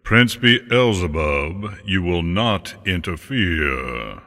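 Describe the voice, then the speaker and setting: A man's voice: low-pitched, animated, extremely slow, pushed and bright, long reverb tail, heavily acted. A man voicing Death as a formal, firm judge presiding over a court. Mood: stern. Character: commanding male judge, Death personified.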